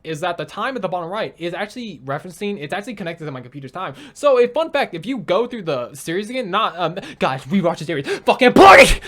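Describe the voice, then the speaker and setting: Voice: mid-range voice, sharp tone. A young adult gaming video creator giving emotional let's play commentary, swearing a lot.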